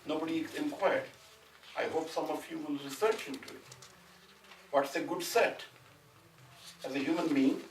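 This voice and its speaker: A man from India lectures a small class in a relaxed, rambling way, often asking whether his students follow him. His voice is somewhat higher than most men's. It is picked up from a distance in an echoey classroom, with faint noise underneath. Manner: conversational, often asks "you know what I'm saying?". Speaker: Sanskrit teacher.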